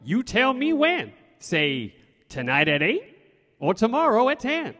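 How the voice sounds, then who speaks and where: A man's voice: extremely high pitch, wildly swooping pitch, unhurried, a bit bright, big-room sound, full character voice. A man voicing a rhyming computer salesman. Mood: pitching. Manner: sing-song rhyming sales patter.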